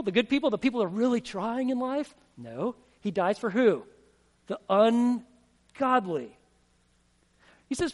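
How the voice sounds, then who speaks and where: A man preaching a sermon as pastor, emphatic and asking the congregation questions. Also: sits high. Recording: long hall reverb.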